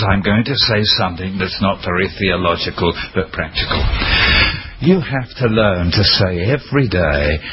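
A man's voice: fairly low pitch, highs cut off, background noise. A man preaching a sermon with impassioned emphasis, breaking into dramatic cries.

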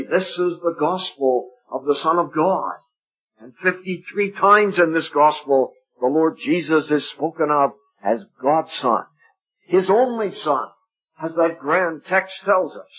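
A man preaching an evangelistic sermon at a gospel meeting, emphatic and dwelling on repeated phrases, sometimes dropping to a hush. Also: on the high side, moderate pace, husky. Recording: dull lo-fi recording.

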